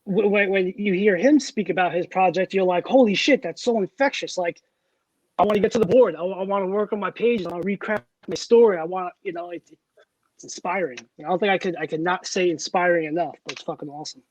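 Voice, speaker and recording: Higher-pitched male co-host, eager and sweary, dry studio sound. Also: fairly even intonation, fast talker, no echo, poor audio. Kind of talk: casual chat.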